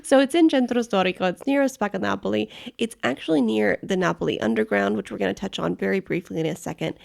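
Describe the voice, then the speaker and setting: Heavily gravelly American woman. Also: medium pitch, fast, darkish tone. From United States. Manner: chatty, laughs easily. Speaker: podcast co-host. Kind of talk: casual travel podcast chat.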